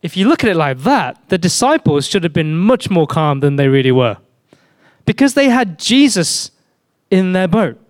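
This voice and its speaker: A man's voice: sits high, sing-song, moderate pace, no echo. A man preaching a sermon in a conversational way, full of rhetorical questions.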